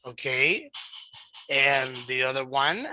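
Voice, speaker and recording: A man teaching an English lesson online, slow and patient, explaining step by step. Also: mid-range voice, big pitch swings, pushed and bright, slight background noise, low-quality recording.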